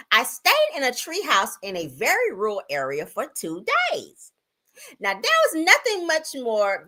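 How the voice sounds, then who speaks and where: A woman's voice: high voice, bright, forceful tone, voice pushed up, full character voice. A woman impersonating a breezy, upbeat woman celebrity reading out her own magazine interview in an airy, exaggerated sing-song way.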